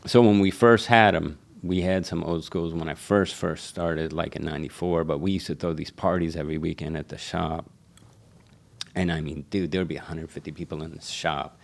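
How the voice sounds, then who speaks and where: A middle-aged man from Seattle, a barber and shop owner, telling animated stories in casual chat and swearing freely. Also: a bass voice, moderate pace, creaky. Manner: animated storyteller who acts out quotes, swears freely. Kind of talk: casual storytelling.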